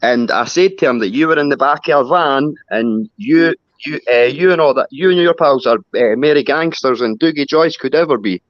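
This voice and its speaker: A man's voice: mid-range voice, normal speed, hardly any pauses, dry recording. A Scottish man calling into a live stream, agitated, swearing and repeating himself. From Scotland. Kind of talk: casual call-in chat. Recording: dull lo-fi call audio.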